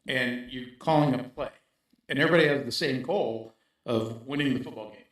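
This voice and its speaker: A man talks as an interview guest, pressing his points and tagging them with "right?". His voice sits at an ordinary middle pitch. The recording is very echoey, as if made in a bare room. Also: a little fast. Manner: emphatic, repeats points with "right?". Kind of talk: casual interview talk.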